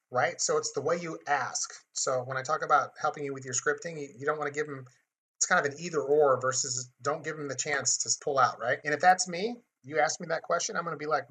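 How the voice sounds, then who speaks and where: A man teaching a marketing webinar in a bright, forward tone with a husky edge. He talks in a chatty, conversational way and likes to act out short scenes for his listeners. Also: on the high side, fast. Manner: chatty, acts out dialogue. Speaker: webinar host.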